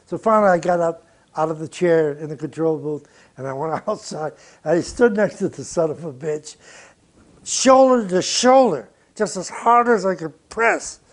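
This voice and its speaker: An older man with a high-set voice recounts his producing days in an interview. He tells it bluntly, drops profanities freely and chuckles between his stories. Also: moderate pace. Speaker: record producer. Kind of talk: interview storytelling.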